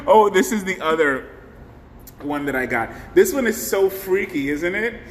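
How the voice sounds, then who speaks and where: Effusive male live-stream host, high voice, reverberant room with faint hiss. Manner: effusive, animated, thanks viewers by name. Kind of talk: casual live-stream chat. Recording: faint background noise, long hall reverb.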